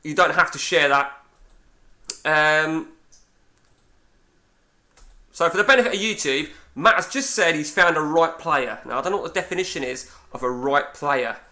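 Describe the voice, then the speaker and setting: A man's voice: fairly high pitch, moderate pace, long pauses, sharp tone. A man in his forties with an English accent, chatting casually and swearing freely while playing a game and telling a rambling story. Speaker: gaming channel host. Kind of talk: casual chat over a game session.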